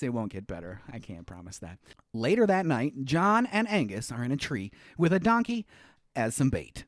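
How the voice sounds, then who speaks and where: A man's voice: medium pitch, sing-song, moderate pace, dry recording, studio quality. A man co-hosting a podcast, recapping a movie in casual chat, rambling and hunting for words, laughing often. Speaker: podcast co-host.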